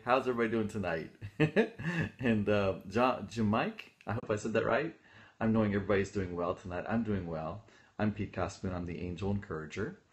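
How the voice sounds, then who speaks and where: A man hosting a casual livestream as an angel medium, bubbly and upbeat, greeting viewers by name and laughing often. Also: fairly low pitch.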